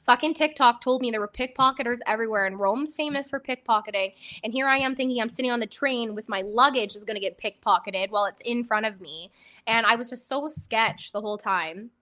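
A young woman hosting a podcast, telling a travel story in casual chat, animated and swearing freely. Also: fairly high pitch, a little fast. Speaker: podcast host.

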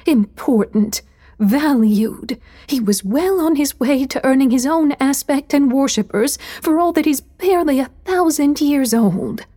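A woman whispering as a breathy vengeful sylph mother. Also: a little high, expressive, slow, mellow, full character voice. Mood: doting pride. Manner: sing-song, doting yet spiteful. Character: vengeful airy sylph mother, female, ageless.

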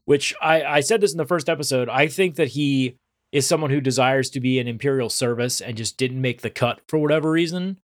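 Dude cohosting a podcast, chatty recap, does the characters' lines, dry close sound. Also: male voice, medium pitch, a little fast, no room sound. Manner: chatty, acts out quoted lines. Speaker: podcast co-host. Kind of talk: casual recap chat.

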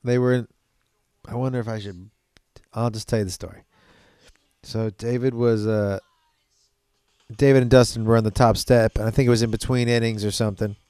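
Brief: male podcast host, loose, salty storyteller, smooth dry-miked voice. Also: medium pitch, fairly quick, long pauses, no room sound. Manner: profane, animated, laughing between stories. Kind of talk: casual storytelling chat.

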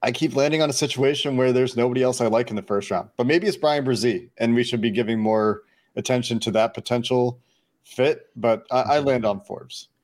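Analytical podcast co-host, rambling lists. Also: male voice, medium pitch, a little fast, darkish tone. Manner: analytical, long run-on lists, frequent restarts. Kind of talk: casual sports podcast chat.

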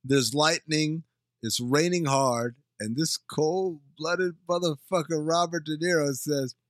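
A man's voice: fairly high pitch, slow, no room sound, clean studio sound. A man co-hosting a comedy movie podcast, wisecracking and incredulous, swearing often. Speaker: podcast co-host. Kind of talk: casual comedic movie recap.

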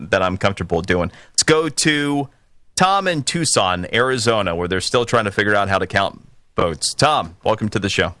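Male talk radio host, low-set bright voice, dry close mic, opinionated and emphatic. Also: no echo. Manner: emphatic, opinionated, rising to forceful peaks. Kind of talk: political call-in radio talk.

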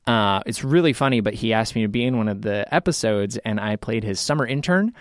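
A man's voice: fairly low pitch, brisk, no echo. A man hosting a podcast in a casual chat, rambling and self-deprecating, with lots of filler words, on a studio mic. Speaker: podcast host.

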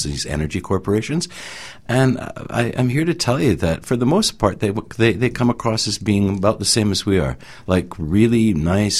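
A man's voice: sits low, slightly rough. A man speaking earnestly and persuasively as a panelist, rambling a little as he makes his point. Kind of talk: opinionated panel discussion.

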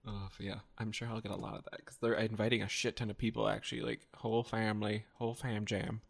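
A man's voice: on the low side, little pitch movement, fast, vocal fry. Playful man telling stories on a podcast. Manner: playful storyteller, sassy banter. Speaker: podcast co-host. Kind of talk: casual chat.

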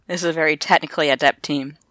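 A woman's voice: low voice, fairly even intonation, very fast, a bit bright, no echo, clean studio sound. A woman from Canada co-hosting a casual podcast, joking around and laughing easily. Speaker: podcast co-host.

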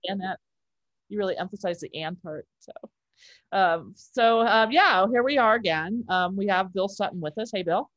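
A woman's voice: medium pitch, moderate pace, a bit bright, highs cut off. Chatty lady hosting a podcast over a video call, easygoing, lots of ums. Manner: chatty, laughs easily, fills with um. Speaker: podcast host and arts editor. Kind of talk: casual chat.

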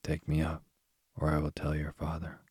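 A man doing a low, insistent little frog. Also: completely flat delivery, normal speed, darkish tone, husky, dry recording, exaggerated voice. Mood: pleading, insistent. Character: frog suitor, male, small, insistent.

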